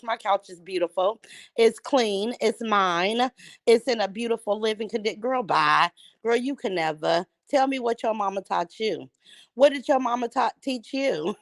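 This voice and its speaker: A woman's voice: mid-range voice, normal speed, no room sound. A woman hosting a casual morning livestream, greeting viewers by name and trash-talking a rival, with a strained voice. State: voice sounds strained. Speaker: livestream host.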